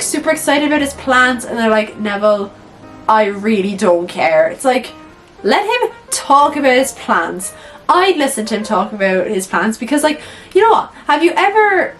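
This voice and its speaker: A young woman chatting casually in her video, animated and blunt, swearing freely and saying "like" a lot. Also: fairly high pitch, poor audio. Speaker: YouTuber. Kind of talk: casual movie-ranking chat.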